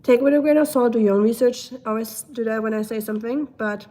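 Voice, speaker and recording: A young woman hosting a live stream, chatting casually and reading out comments. She is silly and laughs often, and her throat is full of mucus, so she keeps clearing it. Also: on the high side, fast, warm tone.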